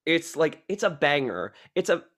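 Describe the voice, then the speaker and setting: A man's voice: a little high, sing-song, moderate pace, fairly bright tone. A man co-hosting a podcast, gushing about a movie with enthusiasm and dry teasing in casual chat, recorded over a remote call. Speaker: podcast co-host.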